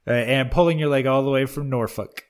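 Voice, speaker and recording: A man's voice: mid-range voice, fairly quick, clean tone. A man co-hosting a podcast in casual banter, joking, laughing often and reading listener reviews aloud. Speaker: podcast co-host.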